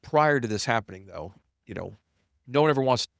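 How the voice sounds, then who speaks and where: With a gravelly voice and a brisk pace, a middle-aged man speaks in a dry recording. He's a company founder on a podcast, candidly and bluntly sharing his story with self-deprecating humor, animatedly acting out quoted dialogue with big pitch jumps.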